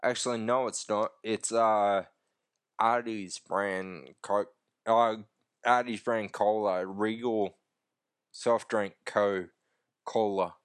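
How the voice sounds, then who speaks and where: A man hosting a podcast, rambling through an unedited casual monologue with a croaky throat, swearing freely and breaking off mid-thought. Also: on the low side, fairly even intonation, slow, fairly bright tone, dry recording, studio quality. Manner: rambling, profane, self-interrupting. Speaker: podcast host.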